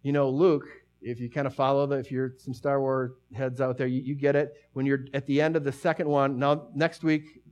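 A man's voice: medium pitch, level tone, normal speed, clean tone, dull audio. Rambling, conversational male pastor. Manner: conversational, rambling with many restarts, drops to a hush for emphasis. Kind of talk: sermon.

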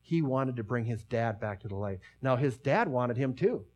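Middle-aged male pastor, mid-pitched, chatty sermon delivery that wanders and falls quiet to stress a point. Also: expressive, normal speed. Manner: conversational, rambling with many restarts, drops to a hush for emphasis.

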